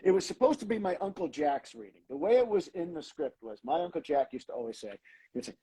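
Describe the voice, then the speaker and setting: A man, a comedy writer, telling behind-the-scenes stories in a lively way, acting out lines as he goes. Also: a little high, fast talker, husky, poor audio. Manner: animated, acts out lines in quoted voices. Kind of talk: anecdotal storytelling.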